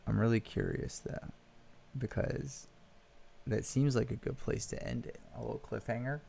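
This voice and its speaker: A man's voice: medium pitch, fairly even intonation, normal speed, gravelly, mellow, a little hiss or hum. A young man giving casual let's play commentary on a horror game, joking, swearing and laughing. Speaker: gaming youtuber.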